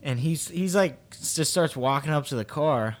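A man's voice: on the high side, lively intonation, moderate pace. A young man co-hosting a podcast, telling a long story in a rambling, casual way with lots of fillers and acted quotes. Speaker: podcast co-host.

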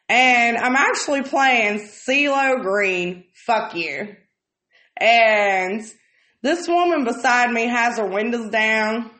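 A woman's voice: on the high side, sharp tone. A woman vlogger telling stories in a blunt, exasperated, heavily profane rant. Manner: heavy swearing, blunt and exasperated. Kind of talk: casual storytelling rant. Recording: roomy echoey room.

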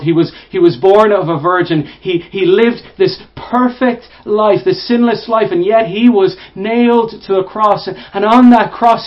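A man preaching a sermon to listeners, repeating words, swelling to emphatic peaks and falling to hushed, low phrases. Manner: repeats and restarts words, rising to emphatic bursts. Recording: dull lo-fi sound.

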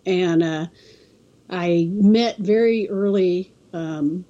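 A woman from California's Central Coast, a guest telling a story in a casual, halting way, often restarting and acting out the quotes. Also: lowish voice, mellow, muffled recording. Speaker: interview guest.

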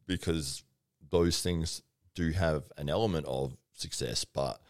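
A man's voice: rumbling low, slow pace, no room sound, studio quality. An Australian man co-hosting a casual podcast, laughing often and using lots of fillers. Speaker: podcast co-host. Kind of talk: casual chat.

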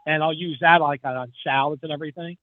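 A man talks in a loose, rambling way, laughing often as he goes. His voice sits a little high. The line is thin and tinny like a phone call, with no room sound. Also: fairly even intonation, fast, no echo. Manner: rambling, chatty, laughs easily. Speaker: guest truck driver. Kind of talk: casual podcast chat.

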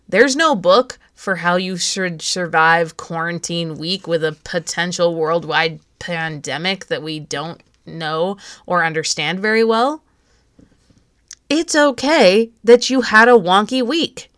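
Podcast host, woman, 30s, lowish voice, gentle encouraging coach. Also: no echo, studio quality. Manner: gentle, coaching, speaks straight to the listener. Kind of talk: encouraging self-help talk.

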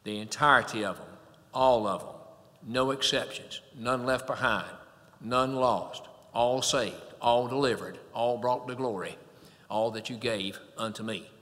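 A man preaching a sermon in a measured, deliberate way, slowing down to quote scripture. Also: mid-range voice, bright, forceful tone. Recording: long hall reverb.

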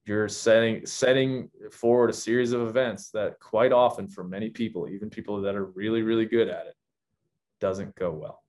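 A man's voice: lowish voice, fairly even intonation, moderate pace, a little mellow. A man talking as a podcast guest, candid and reflective, often restarting his sentences. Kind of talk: casual podcast chat.

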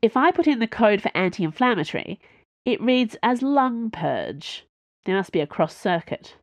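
A woman voicing a sharp-tongued young female tech tinkerer who talks in a brisk, curt way. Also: medium pitch, sing-song, dry recording, pitched above the performer's own voice.

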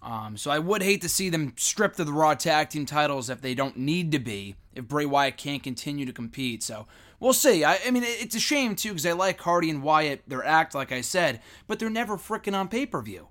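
A man's voice: a little high, animated, moderate pace, a bit bright. Opinionated man rambling through a review. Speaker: wrestling commentator. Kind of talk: casual spoken review.

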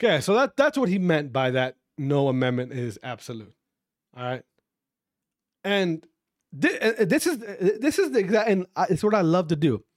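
A man's voice: high-pitched, big pitch swings, moderate pace, no room sound, clean studio sound. A man hosting a podcast, ranting casually, swearing a lot and repeating himself. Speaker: podcast host. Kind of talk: casual profane podcast rant.

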